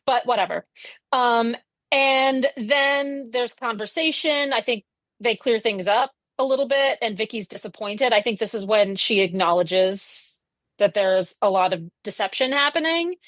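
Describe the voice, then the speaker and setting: A woman's voice: on the high side, a little slow, a bit bright, no room sound. Wry woman podcast host, dry sound. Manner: wry, plot-summarizing. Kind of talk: casual comedy podcast chat.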